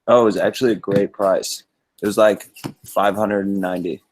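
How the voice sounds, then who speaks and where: Hoarse, low-voiced man on a call. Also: fairly even intonation, moderate pace, slight background noise, rough recording. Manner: laid-back, rambling with many likes. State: hoarse from smoking. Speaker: guest on a video call. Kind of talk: casual chat. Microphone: video call.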